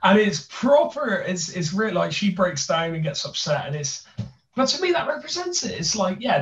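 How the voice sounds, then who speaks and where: A man's voice: high voice, sing-song, normal speed. A young man with a thick Bristolian accent, chatting casually as a podcast host, rambling with many restarts and fillers. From Bristol, England. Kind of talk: casual chat. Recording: roomy, distant, dull sound.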